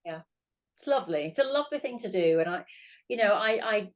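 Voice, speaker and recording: A woman's voice: medium pitch, animated, fairly quick. A woman co-hosting a sewing tutorial, talking in a gushing, enthusiastic way. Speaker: co-host of a sewing channel. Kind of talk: casual craft tutorial chat.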